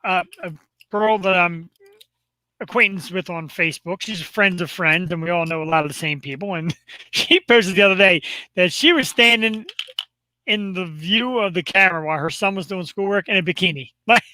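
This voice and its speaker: Goofy, bright-voiced male host. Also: sits high, normal speed, dry recording. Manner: goofy, joking, bursts into silly voices. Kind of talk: casual chat on a live webcast.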